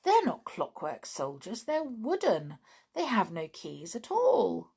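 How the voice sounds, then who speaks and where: A woman's voice: medium pitch, wildly swooping pitch, slow, gravelly, warm tone, slightly rough, exaggerated voice. A woman voicing a kind, worried male sailor doll in a children's story.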